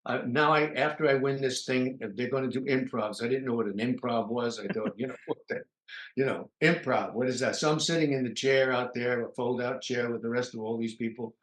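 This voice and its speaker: A man's voice: medium pitch, fairly quick, fairly bright tone. An older man from New York, a guest comedian, telling long anecdotes in a casual interview, full of uh fillers. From New York, USA. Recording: roomy echo.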